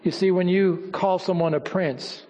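A man preaching a sermon, telling stories and quoting scripture, often dropping low and quiet for emphasis. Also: steady tone, moderate pace, big-room sound. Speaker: pastor.

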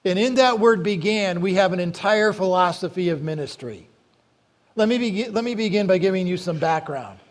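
Man, pastor, sermon, high voice, deliberate, stresses words. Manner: deliberate preaching, slowing to stress scripture.

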